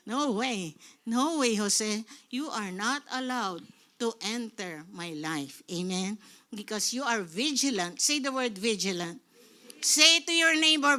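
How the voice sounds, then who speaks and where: A middle-aged woman pastor with a Filipino accent, preaching a sermon in a lively way and calling out "Amen?" to the congregation. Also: sits high. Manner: lively preaching, switching into Tagalog, calls of "Amen?".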